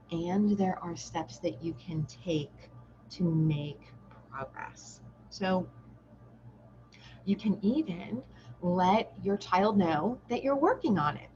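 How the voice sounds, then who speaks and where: A woman who works as a parenting educator gives an informal, earnest and encouraging teaching talk, often checking in with "right?" and "okay?". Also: mid-range voice. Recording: slightly dull lo-fi audio with faint noise.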